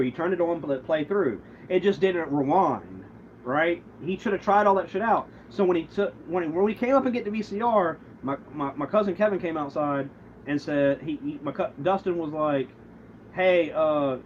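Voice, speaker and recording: A man's voice: a little high, normal speed. A man on a livestream telling a grudge story in a profane, aggrieved, rambling way, quoting both sides of the argument. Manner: rambling, with many restarts and quoted back-and-forth. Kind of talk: casual livestream rant. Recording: muffled lo-fi stream audio, faint background noise.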